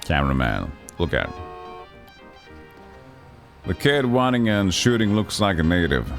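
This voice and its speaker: A man's voice: low voice, sing-song, unhurried, faint music behind. A man livestreaming a retro game, chatting casually and reading the game's narration aloud. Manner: chatty, laughs at the jokes, reads narration aloud. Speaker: game streamer.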